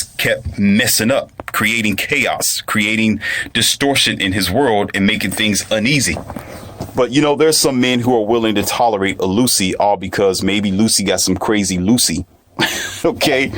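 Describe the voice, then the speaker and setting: A man's voice: fairly low pitch, a bit bright, a little hiss or hum. A man delivering an emphatic, repetitive ranting monologue as a commentator. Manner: emphatic, repetitive, restarts phrases.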